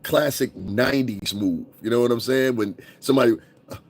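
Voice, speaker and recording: Husky, profane New man ranting. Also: mid-range voice, normal speed. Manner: profane, laughing, mocking impressions. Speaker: commentary vlogger. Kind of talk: casual rant commentary.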